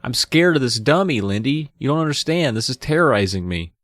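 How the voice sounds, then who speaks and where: A man's voice: mid-range voice, sing-song, a little fast, fairly bright tone, no room sound, studio quality, voice pushed up. A man voicing a frightened young girl who is crying and pleading. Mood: panicked. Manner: panicked, pleading.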